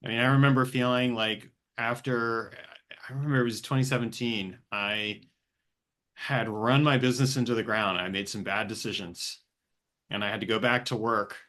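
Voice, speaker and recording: A man's voice: lowish voice, steady tone, normal speed, fairly bright tone. A man hosting an interview podcast, talking candidly and reflectively about his own experiences, with casual swearing. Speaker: podcast host. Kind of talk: conversational interview.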